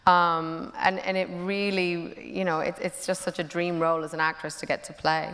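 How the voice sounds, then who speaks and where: A woman's voice: fairly low pitch, flat delivery, normal speed, a bit bright. A woman actress speaking on a stage panel, hesitant with many restarts. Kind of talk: casual panel chat. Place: large auditorium on stage. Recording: long reverb of a large hall.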